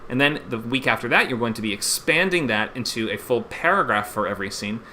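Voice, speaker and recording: A man's voice: medium pitch, expressive, a little fast, bright, forceful tone, a little hiss or hum. A man hosting a live-streamed online screenwriting class, upbeat and chatty and laughing often.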